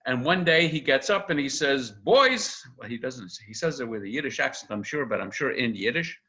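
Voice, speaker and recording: An older man, a rabbi, giving a chatty, animated informal lecture, quoting texts with frequent "uh"s. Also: medium pitch, fairly quick. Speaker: rabbi teaching an intro class. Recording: dull lo-fi video-call audio.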